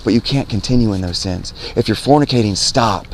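A street preacher speaks briskly to young people beside a road, earnest and repetitive, quoting scripture and asking "right?". His pitch is fairly low, with a slight hiss or hum in the audio.

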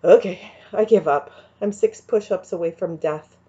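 A woman's voice: mid-range voice, animated, measured pace, warm tone, lightly acted. A woman voicing a worn-out, sarcastic woman groaning through a hard karate class, from a dull recording.

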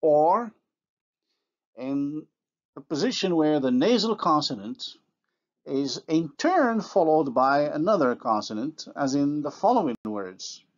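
Slow-paced male phonology lecturer. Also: a little high, dull audio. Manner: slow, deliberate, pausing to model example words. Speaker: university lecturer.

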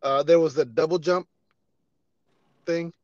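A man hosting a casual podcast chat, laid-back and quick to laugh and swear. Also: fairly high pitch, fairly even intonation, darkish tone, no room sound, muffled recording. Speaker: podcast host.

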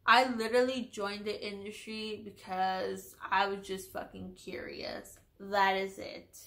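A woman's voice: medium pitch, sharp tone. A woman in her twenties telling a personal story in a casual vlog, candid and profane, with lots of "like". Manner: candid, profane, heavy use of "like". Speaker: vlogger.

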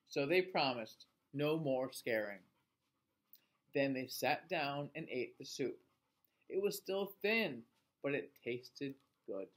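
A male teacher reading a picture book aloud to children in an expressive voice, asking them questions along the way. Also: mid-range voice, slow pace. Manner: expressive, asks listeners questions.

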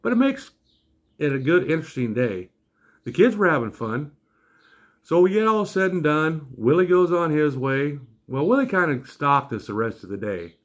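A man's voice: fairly high pitch, sing-song, moderate pace. An older man, a grandfather, tells a comic story with a wry, exasperated manner.

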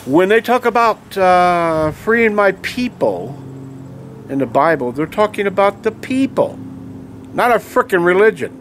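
Unhurried yet heated, a man with a high-pitched voice and wide pitch swings launches into an angry to-camera rant as a vlogger. He keeps pressing listeners with "okay?", over a little hiss or hum.

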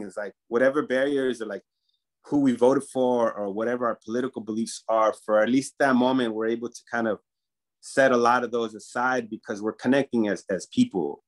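Hesitant man guest full of fillers. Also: mid-range voice. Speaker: musician guest. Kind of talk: casual interview talk.

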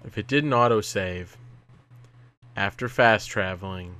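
A man's voice: on the low side, a little slow, pushed and bright. A man casually commenting on a game as he plays, chatting to his viewers and taunting enemies. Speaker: gameplay commentator. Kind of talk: casual let's-play commentary.

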